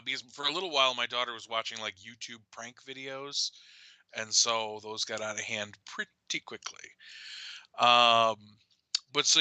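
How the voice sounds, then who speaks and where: A middle-aged man co-hosting a casual chat show, animated and laughing as he tells a story. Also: mid-range voice, clear, resonant tone, no room sound, poor audio. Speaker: co-host.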